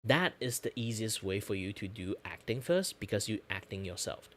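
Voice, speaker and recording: Man in a relaxed low voice, lively. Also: normal speed. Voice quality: relaxed low natural register. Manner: rambling, filler-heavy, frequent laughs. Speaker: VTuber streamer and artist. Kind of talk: casual stream chat.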